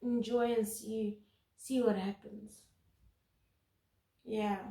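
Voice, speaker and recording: A woman's voice: a little high, steady tone, slow, dark tone, echoey room. A woman giving an intuitive tarot reading to camera, earnest and emphatic, often repeating words for stress. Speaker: tarot reader.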